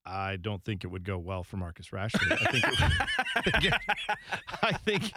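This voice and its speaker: A man's voice: sits low, huge pitch swings, moderate pace, very noisy. A man co-hosting a soccer podcast in casual, rambling chat, laughing often and slipping into mocking quote voices. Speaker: podcast co-host.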